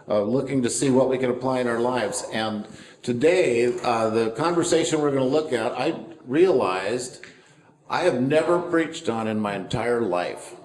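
A man's voice: medium pitch, moderate pace, a little mellow, reverberant, low-quality recording. A man preaching a sermon as pastor, in an easygoing, conversational way with asides and fillers. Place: church.

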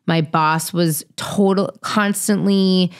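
A woman in her thirties telling stories as an interview guest, animated, profane and self-mocking. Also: on the low side, slow. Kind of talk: casual storytelling.

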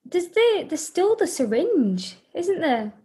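A woman's voice: very high voice, very animated, slow, warm tone. A woman guest on a podcast, chatting casually and thoughtfully about a film.

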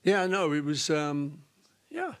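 Animated man telling a story. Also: on the high side, slow. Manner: animated storyteller, laughing, putting on voices. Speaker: interview guest. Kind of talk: casual anecdote telling.

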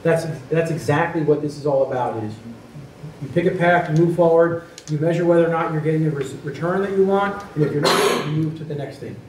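A man's voice: a little high, brisk, noisy background. A man, a consultant, giving a presentation to community leaders, plainspoken and emphatic, repeating key words for stress. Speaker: economic development consultant. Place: meeting room. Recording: echoey meeting room from far off.

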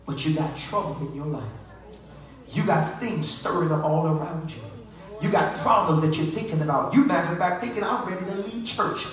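A man preaching a fervent Pentecostal sermon that swings from low talk to loud cries, calling on the congregation to answer him. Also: brisk, recorded from a distance. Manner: calls on the congregation to respond. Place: church sanctuary. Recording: echoey church hall with faint music.

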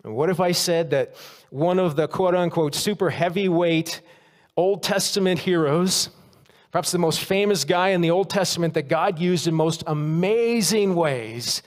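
A man preaching a sermon in a church, telling a story and acting out the quotes with lively swings. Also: fairly high pitch, moderate pace. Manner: storytelling, animated, acts out quotes. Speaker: pastor. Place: church sanctuary. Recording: long reverb of a church hall.

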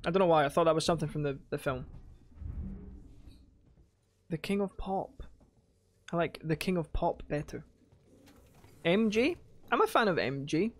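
Excitable swearing man playing a game. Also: fairly high pitch, moderate pace, long pauses. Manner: excitable, swearing, bursts of loud shouting. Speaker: gaming host. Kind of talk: casual let's-play commentary.

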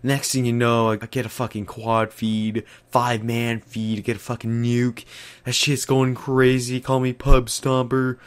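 A young man tears into a comedic rant, swearing constantly and blowing everything out of proportion. His voice sits at an ordinary middle pitch for a man, and he talks like a YouTuber venting straight to his viewers. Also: smooth. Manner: profane, exaggerated ranting.

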